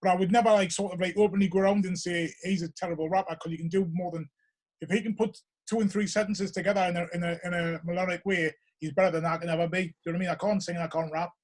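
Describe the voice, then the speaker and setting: A man with a Geordie accent hosts a relaxed interview in a slightly raised voice. He talks quickly, rambling through restarts and filler phrases as he works out his point. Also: sits high. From North East England. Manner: rambling, hesitant, full of restarts and "you know". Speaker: podcast host. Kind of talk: casual interview chat.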